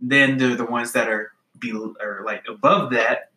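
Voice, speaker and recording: A man with a bright, clear-edged voice chats through a list of jokes with a friend, circling back and restarting his thoughts. His delivery stays playful and rambling, never scripted. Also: mid-range voice, fairly even intonation, normal speed, roomy sound, rough recording. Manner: rambling, self-interrupting, playful. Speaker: co-host reading jokes. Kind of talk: casual comedic chat.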